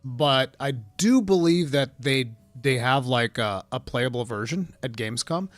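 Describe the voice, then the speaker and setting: A man's voice: medium pitch, measured pace, dry recording. A man hosting a casual live stream, rambling through gaming news and reading chat aloud. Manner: rambling, reads chat aloud, bursts of laughing excitement.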